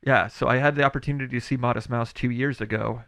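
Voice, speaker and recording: A man's voice: mid-range voice, fairly even intonation, quick pace, a bit bright, no room sound. A man co-hosting a casual music podcast, easygoing and agreeable, often answering briefly. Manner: easygoing, agreeable, short replies. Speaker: podcast co-host. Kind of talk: casual chat about music.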